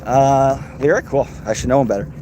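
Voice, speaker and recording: A man's voice: mid-range voice, steady tone, fairly quick, background noise. An American man hosting a livestream, reading and answering chat in a crude, sarcastic, rambling way. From United States.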